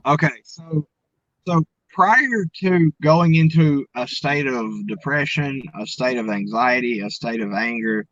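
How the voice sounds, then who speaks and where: A man's voice: mid-range voice, a bit bright, no room sound, muffled recording. A man from Arkansas with a Southern accent, a guest talking in a folksy, earnest way. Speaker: guest, coach. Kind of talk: casual interview talk.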